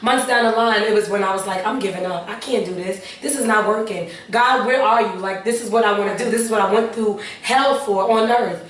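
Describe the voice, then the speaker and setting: A woman's voice: medium pitch, fairly quick, few pauses, far from the mic. Earnest woman telling her story, echoey room. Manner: earnest, repeats phrases, prayerful asides. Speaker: interview guest. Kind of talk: emotional personal testimony. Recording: echoey room, voice a little off-mic, faint background noise.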